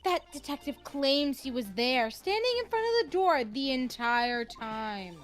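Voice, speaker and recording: A woman's voice: sits high, expressive, measured pace, faint music behind. A woman voicing a haughty young female prosecutor for a fan voice-over of a game, cold and scornful. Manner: cold, scornful, stumbles on words.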